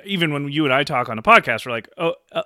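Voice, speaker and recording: A man co-hosting a podcast in casual conversation, animated and quick to laugh, often acting out quoted lines. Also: fairly high pitch, dry recording, clean studio sound. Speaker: podcast co-host.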